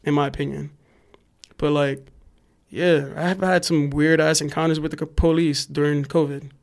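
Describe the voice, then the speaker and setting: Animated New man telling a wild story. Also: on the high side, normal speed. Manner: animated, profane, lots of "like", acts out yelling voices. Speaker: graffiti writer guest. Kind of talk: casual storytelling.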